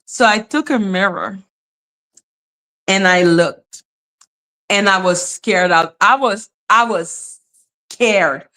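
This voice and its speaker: Animated laughing woman streamer. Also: mid-range voice, slow, long pauses. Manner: animated, laughing, frequent profanity. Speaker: livestream host. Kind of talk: casual livestream chat reading comments.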